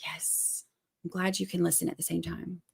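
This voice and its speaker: A woman's voice: lowish voice, flat delivery, quick pace, vocal fry, a little mellow, breathy edge. A woman with a Southern accent from Georgia, hosting a trial livestream in a chatty, upbeat way, reading viewer comments and explaining court steps plainly. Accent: Southern American (Georgia). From Georgia, USA. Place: indoors, away at the beach this week.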